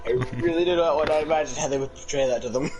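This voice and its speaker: A man's voice: on the high side, racing. A young man chatting crudely and laughing often while gaming. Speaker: gamer chatting with a friend. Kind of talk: casual gaming chat. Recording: game music behind voice. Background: game music.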